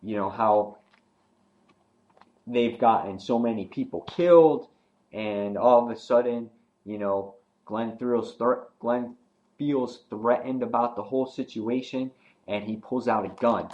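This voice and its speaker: A man's voice: mid-range voice, a little slow, darkish tone, dull audio. A man talks through a comic book in a loose, casual review. He rambles along, filling gaps with fillers and restarting his sentences as he goes.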